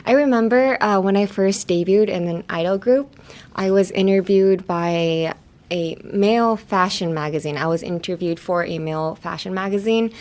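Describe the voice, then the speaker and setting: A woman's voice: medium pitch, normal speed, a little mellow. Casting: woman, podcast English teacher, casual and chatty, mid-range voice, switches languages easily. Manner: chatty, laughs often, slips between English and Japanese. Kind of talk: bilingual casual lesson.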